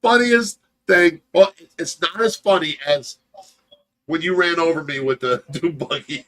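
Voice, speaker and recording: A man's voice: on the high side, measured pace, bright, forceful tone. A middle-aged man hosting a livestream, telling stories in a casual chat and laughing through them. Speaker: livestream host.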